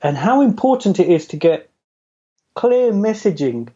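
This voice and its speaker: A middle-aged man, appearing as an interview guest, tells his career story in casual, chatty fashion, self-deprecating and laughing often. His voice is high, warm and unhurried with big pitch swings, heard through dull lo-fi audio.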